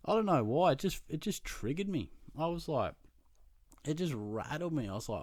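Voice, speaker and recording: A young Australian man, a podcast host, telling a profane, self-mocking anecdote in a casual, animated way. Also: mid-range voice, normal speed, dry recording, clean studio sound. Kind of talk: casual storytelling.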